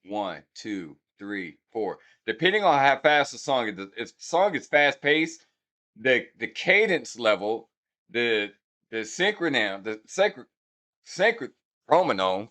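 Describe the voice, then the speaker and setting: A man's voice: mid-range voice, a bit bright. A man hosting a hip hop breakdown channel, talking casually and brashly to his viewers and counting out beats aloud to explain rhythm. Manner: brash, talks straight to viewers. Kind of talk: casual music breakdown commentary.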